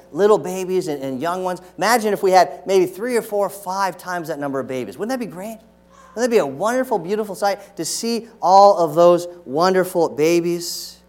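Middle-aged pastor preaching, slightly high voice. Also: male voice. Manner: conversational preaching with rhetorical questions; acts out scolding voices to make a point. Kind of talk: sermon. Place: church sanctuary.

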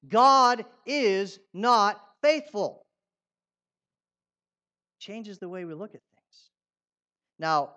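A man preaching a sermon, swinging between loud declarations and quiet asides, putting questions to his congregation. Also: high-pitched, dull audio. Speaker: pastor. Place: church.

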